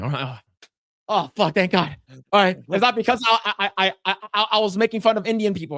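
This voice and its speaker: A man telling a workplace story on a podcast, his voice sitting a little high for a man. He stammers, restarts and slips into quoted voices. The sound is dry and close. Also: animated, racing, fairly bright tone, no echo. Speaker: podcast co-host. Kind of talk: casual storytelling chat.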